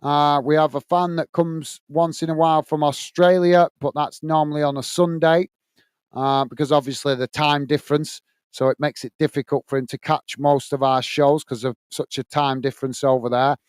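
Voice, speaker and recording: A man's voice: a little high, steady tone, moderate pace, smooth, dry recording. A man hosting a casual live stream, reading viewer comments aloud and chatting with many uhs. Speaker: host reading live chat.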